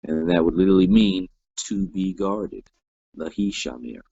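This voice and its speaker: A man's voice: deep voice, steady tone, moderate pace, mellow, no echo. A man teaching a Hebrew grammar class, walking students through verb forms patiently and step by step, with frequent "all right" checks. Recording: dull lo-fi dry sound.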